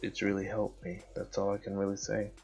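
A man casually commentating over his own gameplay footage, rambling, excitable and poking fun at himself. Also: fairly low pitch, fairly quick, breathy edge. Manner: rambling, excitable, self-mocking. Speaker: gaming channel host. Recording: dull lo-fi with background music.

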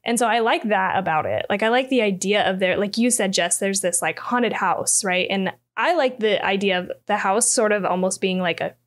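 A woman with a mid-range voice co-hosting a podcast. She talks in a relaxed, reflective way and laughs easily. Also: mid-range voice, moderate pace, few pauses. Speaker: podcast co-host. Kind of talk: casual chat.

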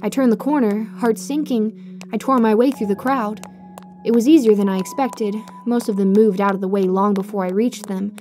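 Mellow-voiced woman narrating a horror story. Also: mid-range voice, steady tone, normal speed, faint music behind.

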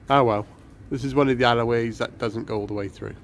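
A man's voice: medium pitch, steady tone, fast. A man narrating a casual walking vlog outdoors in light rain, chatty and rambling, filmed on a handheld camera. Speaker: vlogger. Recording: noisy street with traffic.

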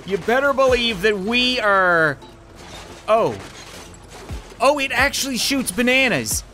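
A man's voice: very high-pitched, expressive, takes it slowly, pushed and bright, faint music behind. A man giving crude, joking commentary while playing video games. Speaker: gaming YouTuber. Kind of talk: comedic gameplay commentary.

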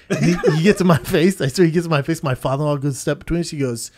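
A man's voice: fairly high pitch, very fast, hardly any pauses. A man co-hosting a podcast, telling stories in casual, profane banter. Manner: profane, animated storyteller. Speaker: podcast co-host.

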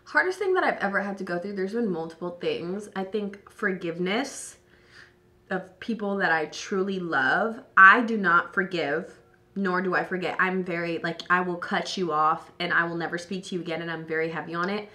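Young woman vlogger, tipsy and slightly hoarse, bright-voiced, chatty and profane. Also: on the low side, normal speed. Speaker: beauty vlogger. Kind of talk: tipsy casual chat while doing makeup.

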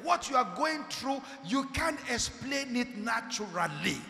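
Man, fiery sermon, high bright voice, big pitch swings, echoey church hall. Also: sing-song, unhurried, gravelly, hardly any pauses. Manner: dramatic, swings from shouting to hushed; calls out to the congregation. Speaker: preacher.

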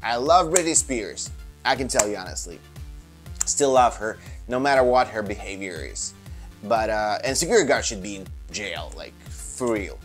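A man's voice: on the low side, moderate pace, faint music behind. A man hosting casual commentary on a news clip, opinionated and full of fillers like "like" and "uh". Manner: animated, opinionated, many fillers. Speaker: commentary host.

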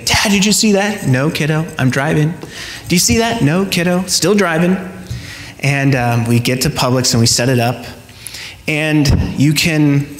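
A male pastor giving a sermon, telling stories in a relaxed conversational way to the congregation. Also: medium pitch. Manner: conversational storytelling, addresses the congregation directly. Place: church sanctuary. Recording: echoey church hall with long reverb.

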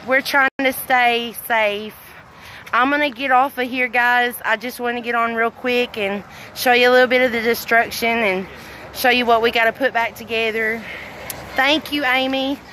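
This livestream host is a middle-aged Southern woman from Arkansas, chatting casually outdoors at a fireworks tent after a storm, slightly breathless, affectionate, reading comments aloud and often laughing. Her fairly high voice has a sharp tone and fairly even intonation at normal speed. Recorded on a phone at arm's length, the audio is low quality with slight background noise.

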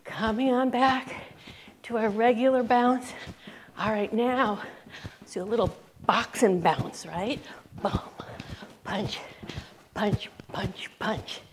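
A woman's voice: a little high, slow pace, pauses often, a little hiss or hum. A woman fitness instructor giving upbeat, encouraging cues and counting down reps while she bounces on a rebounder herself. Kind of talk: live workout coaching.

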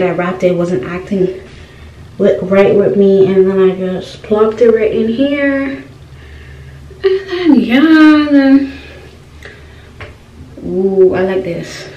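Her voice is on the low side and a little mellow as the young beauty vlogger chats through a casual hair tutorial. She keeps checking in with viewers using "y'all" questions, in a roomy, distant recording with faint noise.

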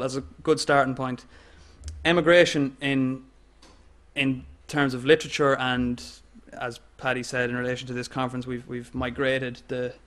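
A man with an Irish accent giving an academic lecture in a measured way, with fillers and restarts. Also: medium pitch, a bit bright. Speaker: guest lecturer.

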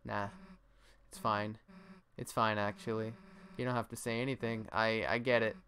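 A man reading the lines of a gruff, tough young female monster in a plain, blunt voice. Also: on the low side, little pitch movement, normal speed, sharp tone, slight background noise. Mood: hurt.

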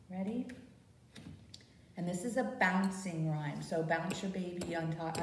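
A woman's voice: lowish voice, a little slow, a little hiss or hum. A woman librarian leading a baby storytime, talking in a sing-song way and asking the little ones questions as she reads a picture book. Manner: animated, sing-song, asks babies questions. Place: library program room. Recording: roomy sound from a distance.

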